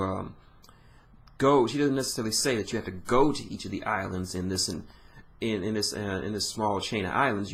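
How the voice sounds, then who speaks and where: A man's voice: on the low side, fairly bright tone. A man giving an informal, rambling recap of a manga chapter, often correcting himself.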